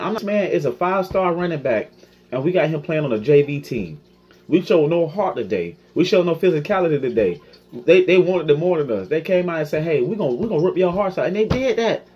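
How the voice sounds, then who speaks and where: A man's voice: a little high, husky, muffled recording. A young man in a fan reaction video, ranting in frustration and repeating himself. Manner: frustrated, repetitive, animated. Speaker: sports fan vlogger.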